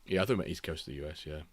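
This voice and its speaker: A man, chatting casually and reacting excitably while hosting a live football watchalong stream. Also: very deep voice, breathy edge, no echo. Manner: rambling, excitable reactions to match action.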